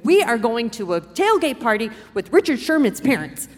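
Animated middle-aged woman storyteller, hall echo. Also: fairly high pitch, moderate pace. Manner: animated, expressive, acts out quotes. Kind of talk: live personal storytelling. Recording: long hall reverb.

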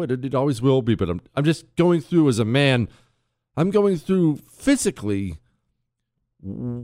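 A male talk show host giving opinionated commentary in an animated, sarcastic way, bantering with his producer. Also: medium pitch, no echo, clean studio sound.

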